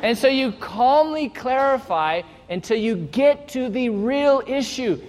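A man preaching a sermon as pastor, calm and teacherly, leading his congregation to read verses aloud. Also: very high voice, a little slow, slight background noise. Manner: calm, teacherly, leads the crowd in reading aloud. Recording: long hall reverb.

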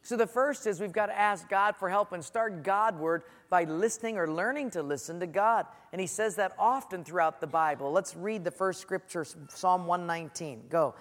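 A middle-aged man preaching a sermon, telling stories in an animated way and acting out the quotes. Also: high-pitched, moderate pace, few pauses. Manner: storytelling, animated, acts out quotes. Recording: echoey hall.

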